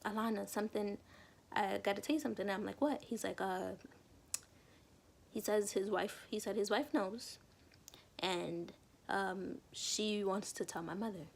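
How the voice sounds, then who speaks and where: Speaking a little slowly in a creaky, mid-range voice, this young adult vlogger pauses often while recounting a personal story to camera. She's chatty and acts out what she and others said, with a little hiss or hum in the recording.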